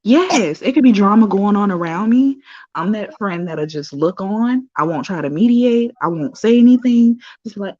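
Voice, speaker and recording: A woman guest in a casual chat, talking in a calm, easygoing way. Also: medium pitch, normal speed, no room sound. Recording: dull lo-fi audio.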